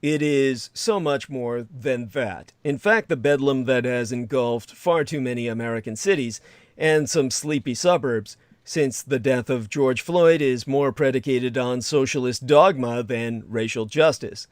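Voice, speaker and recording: A man's voice: mid-range voice, unhurried, no room sound, clean studio sound. A man hosting a livestream, rambling in sarcastic commentary with frequent laughter and crude asides. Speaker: livestream host.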